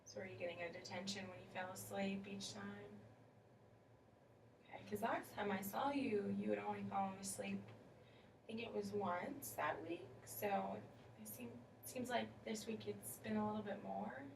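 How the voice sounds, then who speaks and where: Gentle, patient woman counselor. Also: medium pitch, fairly even intonation, moderate pace, vocal fry. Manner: gentle, patient questioning with fillers. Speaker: counselor in role-play. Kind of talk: counseling role-play. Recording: echoey room, distant mic, faint noise.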